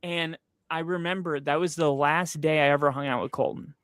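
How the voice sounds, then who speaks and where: Bright-voiced man telling a story. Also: fairly high pitch, fairly even intonation, a little fast, smooth, no room sound. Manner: storytelling, swears freely, lots of fillers. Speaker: podcast host. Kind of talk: casual chat.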